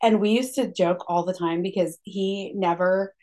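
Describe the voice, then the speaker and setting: A woman's voice: fairly low pitch, steady tone, moderate pace, a little mellow. Woman podcast co-host, emphatic and dramatic, casual chat. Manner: emphatic, dramatic about pet peeves.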